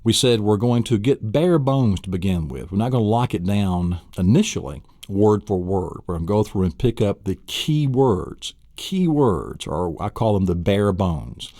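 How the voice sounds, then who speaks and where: A man teaches a recorded memory lesson with enthusiasm, acting out vivid mental pictures. His low, mellow, expressive voice moves at a moderate pace with few pauses. The recording is dry with clean studio sound.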